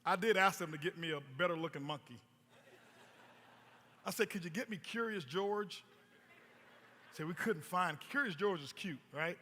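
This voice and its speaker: A man's voice: high voice, moderate pace, long pauses, pushed and bright. A man giving a stage presentation as a motivational speaker, telling stories with emphatic repetition. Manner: storytelling, emphatic, repeats words. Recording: long hall reverb.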